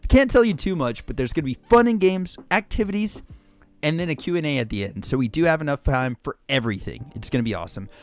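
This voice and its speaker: A man hosting a livestream in casual chat, excitable and jokey, greeting viewers by name and saying "freaking" constantly. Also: on the high side, fast talker, no echo. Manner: excitable, says "freaking" constantly, shouts out names; jokey and hyperbolic. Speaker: livestream host.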